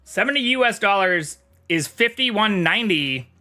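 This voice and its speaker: Bright-voiced man streaming casually. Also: high voice, animated, normal speed. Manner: chatty, swears casually, reads chat aloud. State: talking with mouth full. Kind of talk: casual live-stream chat.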